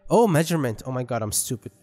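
A man's voice: medium pitch, big pitch swings, fast talker, warm tone. A man commentating on gameplay, joking and rambling with self-mocking asides. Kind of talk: let's play commentary. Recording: long reverb with game music.

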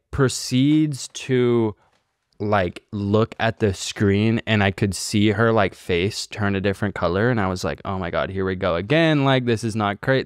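A man with a lowish, smooth, clean voice tells a rambling story in a podcast chat, swearing freely and leaning on filler words. He is recorded close to a studio mic in a dry room. The delivery is loose and conversational. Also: no room sound. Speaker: podcast co-host.

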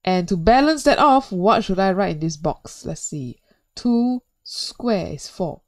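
A woman's voice: medium pitch, animated, measured pace, dry recording. A woman teaching physics in a recorded video lesson, chatty and playful, joking and putting questions to the viewer.

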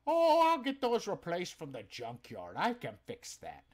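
A man's voice: sits high, huge pitch swings, a little slow, voice pushed up, exaggerated voice. A man putting on the voice of an eager, gullible male customer buying a wreck of a used car, gushing and folksy.

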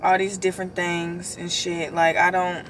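A woman's voice: lowish voice, little pitch movement, normal speed, a little hiss or hum. A young woman vlogging casually to her phone camera, chatty and sleepy, calling her viewers y'all while she runs errands. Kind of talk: casual vlog chat to camera. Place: in a car and around a mall. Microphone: phone camera held or propped.

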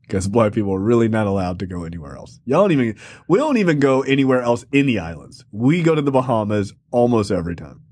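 A man's voice: mid-range voice, brisk, dry recording. A man co-hosting a podcast, joking and laughing while reviewing a film. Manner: animated, joking and laughing often. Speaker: podcast co-host. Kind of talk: casual film review chat.

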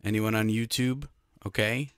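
A man's voice: lowish voice, fairly even intonation, moderate pace, smooth, no room sound, studio quality. Emphatic man hosting a podcast. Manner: emphatic, talks straight to listeners. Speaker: podcast host. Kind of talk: casual chat.

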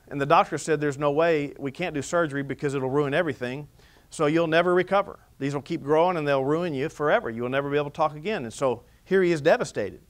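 A man preaching a sermon as pastor, mixing scripture reading with humor. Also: a little high. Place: church.

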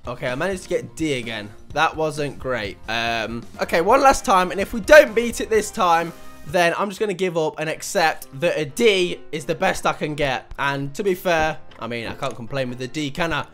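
A young man commentating a video game, panicking and shouting one moment, muttering to himself the next. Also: a little high, moderate pace, faint music behind. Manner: shouty, panicky, swings between yelling and muttering. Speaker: gaming YouTuber. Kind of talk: excitable let's play commentary.

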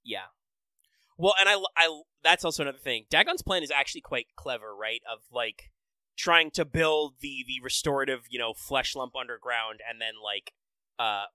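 A man's voice: mid-range voice, pushed and bright, dry recording, rough recording. A man hosting a casual podcast, enthusiastically breaking down game details with many fillers. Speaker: podcast host. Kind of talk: casual podcast chat about a mobile game.

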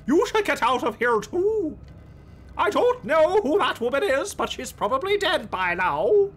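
A man's voice: very high-pitched, sing-song, measured pace, a bit bright, soft background music, pitched above the performer's own voice, heavily acted. A man voicing a blunt, weary woman survivor in a game, with an exaggerated put-on Irish brogue.

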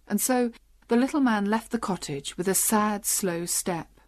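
A woman narrating a simple storybook for English learners in a clear, steady reading. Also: mid-range voice, a little slow.

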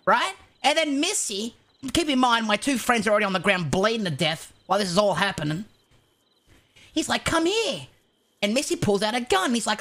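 A woman playing a brash young male outlaw, cursing through an animated roleplay story. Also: on the high side. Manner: swears constantly, animated storytelling. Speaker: roleplay streamer.

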